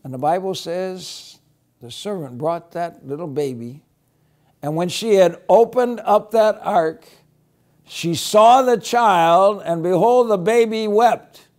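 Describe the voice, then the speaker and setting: Soft-spoken, slightly high male children's teacher, gentle and reassuring. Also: slow pace. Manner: gentle, reassuring storytelling, softening to a hush. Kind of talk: children's Bible lesson.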